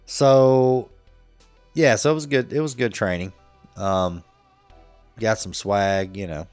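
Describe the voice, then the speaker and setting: A man's voice: on the low side, fairly even intonation, slow pace, darkish tone, dry recording, soft background music. A man co-hosting a podcast, telling a work-trip story in a laid-back, joking way, laughing often. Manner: laid-back, laughs a lot, acts out quotes. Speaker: podcast co-host. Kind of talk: casual storytelling chat.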